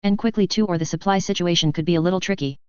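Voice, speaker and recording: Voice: mid-range voice, rapid-fire, clear, resonant tone, no room sound, dull audio, lightly acted. A narrator voicing a smug, scheming young male officer who talks in a sing-song way.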